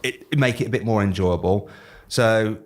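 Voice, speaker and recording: Man, low deep voice, car presenter, podcast guest, relaxed and self-mocking. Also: normal speed. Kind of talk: podcast interview.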